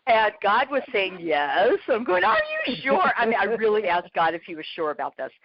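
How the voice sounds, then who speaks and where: A woman guest chatting in an interview, lively and self-deprecating, laughing often and a bit out of breath from walking around. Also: mid-range voice, fairly quick, no echo, highs cut off. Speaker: guest, author and prayer coach. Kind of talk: casual interview chat.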